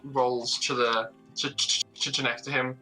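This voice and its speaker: A man's voice: mid-range voice, little pitch movement, a little slow, sharp tone, faint music behind, poor audio. A man narrating a tabletop game as game master, casual and stammering.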